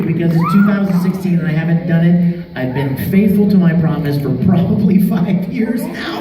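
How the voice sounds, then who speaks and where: A man telling stories to fans as a convention panel guest, animated and laughing as he talks. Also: fairly high pitch, fairly quick. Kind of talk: storytelling to a live audience. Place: large convention hall. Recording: echoey hall, far mic, crowd noise.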